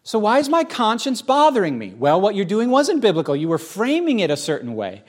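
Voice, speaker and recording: A man's voice: high-pitched, wildly swooping pitch, fairly quick. A middle-aged man, a pastor, giving a candid, conversational sermon testimony, often restarting his sentences. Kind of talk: sermon-style personal testimony.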